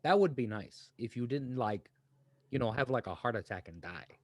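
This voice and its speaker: Man, tabletop player, rambling, joking, lively pitch, dry sound. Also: normal speed, dry recording. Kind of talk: improvised tabletop role-play.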